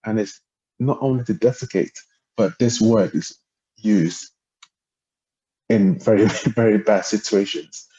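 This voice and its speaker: A man teaching a language lesson, explaining word tones in a hesitant way with many pauses and ums. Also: lowish voice, mellow, breathy edge. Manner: hesitant, lots of ums, spells out syllables and tones. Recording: dull lo-fi audio without a proper mic.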